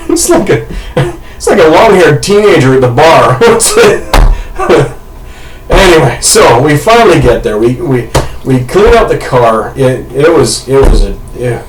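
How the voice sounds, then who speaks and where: A man co-hosting a podcast, telling a comic story casually with loud shouted impressions, swearing and laughter. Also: a little high, sing-song, measured pace. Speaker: podcast co-host. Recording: roomy, distant, noisy home mic.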